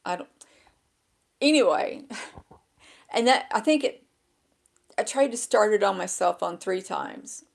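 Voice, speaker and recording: Woman, gravelly crackly voice, rambling casual vlog, self-deprecating, talking to a handheld mic at a table. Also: medium pitch, animated, unhurried, long pauses. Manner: rambling and self-deprecating, loses her train of thought. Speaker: vlogger. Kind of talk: casual chat to camera. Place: indoors at a table with a laptop. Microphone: small handheld microphone.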